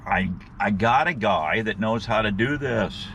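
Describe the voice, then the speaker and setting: A man telling a rambling, folksy story to his viewers in a casual, animated way, with plenty of slang, and he calls them guys. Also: fairly low pitch, unhurried, a little hiss or hum. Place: outdoors.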